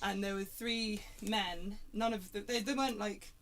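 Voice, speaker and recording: A woman's voice: mid-range voice, steady tone, moderate pace, fairly bright tone. A woman in casual chat, telling a story with lots of laughter and fillers. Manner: chatty, laughing, many fillers and restarts. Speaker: band member chatting on a stream. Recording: background noise.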